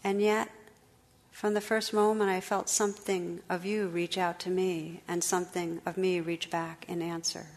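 A woman's voice: fairly low pitch, flat delivery, normal speed, a little mellow, close to an everyday voice. A woman reading aloud, voicing a gallant young knight who speaks earnestly and ardently. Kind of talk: storybook read-aloud.

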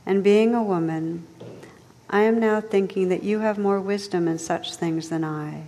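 A woman's voice: medium pitch, warm tone, long reverb tail, lightly acted. A woman reading the part of an earnest, devoted young male knight. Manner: earnest, halting at moments.

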